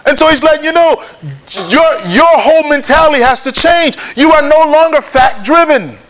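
A man's voice: extremely high pitch, moderate pace, fairly bright tone. A man preaching a sermon, prodding his listeners with questions and pushing them to answer back. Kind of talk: sermon with call and response.

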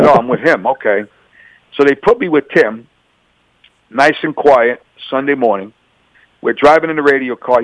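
A man's voice: mid-range voice, dry recording, low-quality recording. A middle-aged man, a former police officer, giving personal testimony in an interview and acting out remembered dialogue with energy. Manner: animated, acts out remembered dialogue.

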